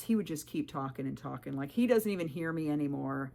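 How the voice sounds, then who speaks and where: A woman telling her hiking stories to the camera in a vlog, animated and firm, jumping up in pitch when she quotes people. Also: fast, vocal fry, hardly any pauses. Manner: firm and direct. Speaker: thru-hiker vlogger. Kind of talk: storytelling vlog advice.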